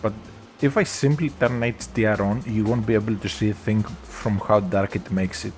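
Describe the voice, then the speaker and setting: A man with a Greek accent, chatting casually with his viewers while streaming a racing game, in a relaxed, rambling way. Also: on the low side, normal speed, faint music behind. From Greece. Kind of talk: casual gameplay chat.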